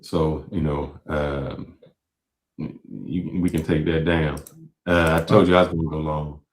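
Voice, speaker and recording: A man's voice: a bass voice, steady tone, a little slow. A man hosting a show, giving emphatic reaction commentary on clips and repeating phrases for effect. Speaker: show host. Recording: echoey room.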